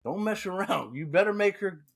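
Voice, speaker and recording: A man's voice: high-pitched, moderate pace, gravelly, slightly rough. A man in his forties co-hosting a podcast, telling crude stories with lots of laughter and swearing. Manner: animated, laughing, profane storytelling. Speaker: podcast co-host. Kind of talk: casual podcast chat.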